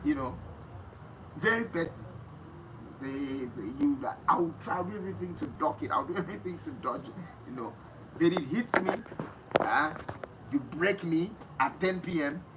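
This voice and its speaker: A Nigerian man with a somewhat high voice talks in a casual interview, emphatic and quick to laugh. He sounds set back from the mic, with steady noise behind him. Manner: emphatic, laughs often, swings between loud and hushed. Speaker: interview guest. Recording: distant mic with noisy background.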